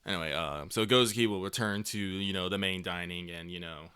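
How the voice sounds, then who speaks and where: A man's voice: low voice, a little fast, noisy background. A man running a tabletop game as game master, casual and self-deprecating.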